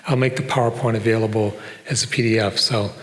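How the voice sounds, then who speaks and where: Speaking fast in a low, fairly even voice, an older Detroit man gives a public lecture as a professor. He's chatty, full of fillers and tangents, and his words echo with long reverb across a performing arts center stage.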